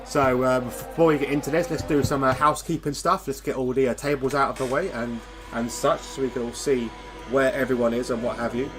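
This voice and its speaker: A man's voice: mid-range voice, steady tone, brisk, music in the background. A man hosting live sim-racing commentary, chatty and rambling, reading out standings with self-deprecating asides. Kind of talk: live esports race commentary.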